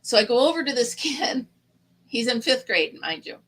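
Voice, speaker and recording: Bright, chatty middle-aged woman. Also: a little high, very animated, moderate pace, a little hiss or hum, rough recording. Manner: chatty storytelling, laughs often. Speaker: host of a live chat stream. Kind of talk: casual chat.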